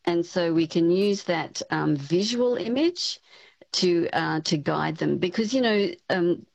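Woman prof talking on radio, kinda low voice, lots of um and you know, dull slightly muffled line. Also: lively intonation, unhurried, creaky, a little mellow, no echo. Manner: explanatory, chatty, many fillers. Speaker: speech pathology professor. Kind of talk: radio interview guest.

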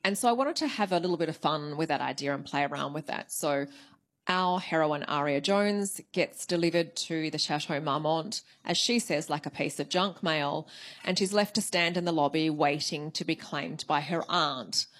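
A woman's voice: deep voice, moderate pace, a bit bright. A woman novelist being interviewed, talking through her writing process in a thoughtful, conversational way. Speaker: novelist guest. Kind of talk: interview answers.

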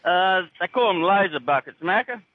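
A man's voice: high-pitched, lively intonation, normal speed, no room sound, narrow, tinny audio. A man with a broad rural Australian accent calling in from his tractor, chatting in a laconic, drawling way. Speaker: caller. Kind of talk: casual phone chat. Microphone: phone.

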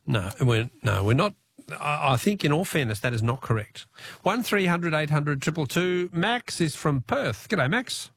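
A man's voice: fairly high pitch, big pitch swings, vocal fry, a bit bright, husky, no room sound. Aussie guy hosting a radio quiz, bouncy up-and-down voice, dry studio sound, chatty and laughs a lot. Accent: Australian. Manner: chatty, laughs easily, quick asides. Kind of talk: talkback radio quiz with callers.

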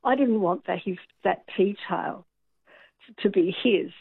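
A woman's voice: mid-range voice, unhurried, vocal fry, husky, dry recording. A woman calling in to a radio show, telling a story in a chatty, hesitant way. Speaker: caller. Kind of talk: telling an anecdote on a radio call-in. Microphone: telephone. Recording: tinny phone line.

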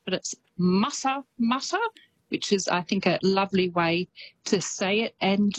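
A woman's voice: medium pitch, flat delivery, moderate pace, husky, poor audio. A woman with an Australian accent, talking casually and with enthusiasm as a radio correspondent. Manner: chatty, enthusiastic.

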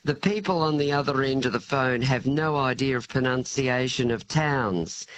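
A woman's voice: extremely low pitch, moderate pace. A woman in her seventies calling in to a radio show, chatty and emphatic in casual conversation. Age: 70s. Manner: chatty and emphatic, with frequent laughs. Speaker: caller. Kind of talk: casual radio call-in chat.

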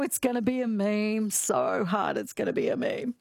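A woman's voice: a little high, animated, normal speed, vocal fry, few pauses, dry recording. An Australian woman hosts a radio show in a chatty, giggly way, her voice swinging up and down with animation. The sound is close and dry, straight into a studio microphone. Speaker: radio presenter. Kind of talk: casual radio chat.

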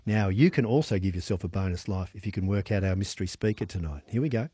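Chatty radio quiz host. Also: male voice, sits low, quick pace, dark tone, breathy edge, dry recording. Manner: chatty, upbeat, laughs easily. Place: radio studio.

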